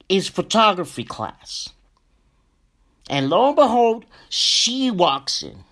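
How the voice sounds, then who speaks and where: Slow-talking man telling a personal story. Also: high voice, very animated. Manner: slow, emotional, profane, addresses listeners as ladies and gentlemen. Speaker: podcast host.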